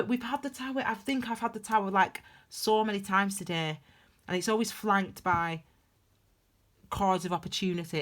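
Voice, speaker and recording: A young woman giving a tarot reading in a rambling, heartfelt, confessional way. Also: medium pitch. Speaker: tarot reader. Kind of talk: casual tarot reading monologue.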